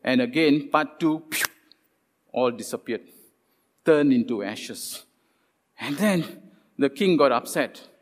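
A man preaching a sermon, retelling scripture stories with lively quoted voices and many "uh" fillers. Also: medium pitch, slow pace, pauses often. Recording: long hall reverb.

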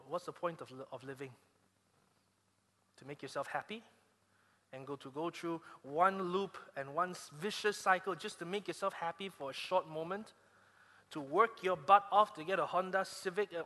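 Bright-voiced Malaysian man preaching. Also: on the high side. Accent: Malaysian English. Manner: animated storytelling with frequent restarts. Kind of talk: sermon. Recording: long hall reverb.

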